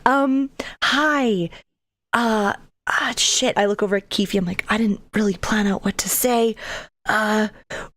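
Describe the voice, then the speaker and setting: A woman playing a tabletop role-playing game, lively, often speaking as her character. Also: medium pitch, measured pace, dry recording. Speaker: player. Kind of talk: casual in-character play.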